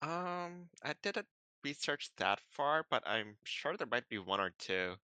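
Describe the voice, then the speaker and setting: A man on a podcast casually talks things through in an unhurried, easygoing way, dropping plenty of ums and likes. The close, dry recording captures a bright, crisp voice a touch low in pitch.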